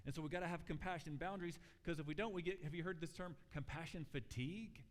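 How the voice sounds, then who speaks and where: A man preaching a sermon as pastor, talking in a conversational, animated way and acting out quotes as he tells stories. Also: fairly high pitch, fast talker, few pauses. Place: church sanctuary. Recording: long church hall reverb.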